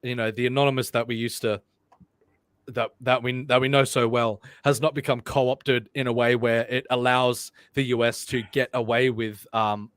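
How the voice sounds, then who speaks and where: A man co-hosting a casual livestream, reading viewer comments aloud with loud joking banter and swearing. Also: medium pitch, level tone, moderate pace, clear, resonant tone, dry recording, clean studio sound. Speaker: livestream co-host.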